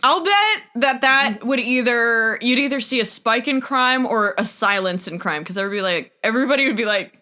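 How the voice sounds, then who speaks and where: A woman co-hosting a casual comedic podcast, playful and quick to laugh, often slipping into joke voices. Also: fairly high pitch, pushed and bright. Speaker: podcast co-host.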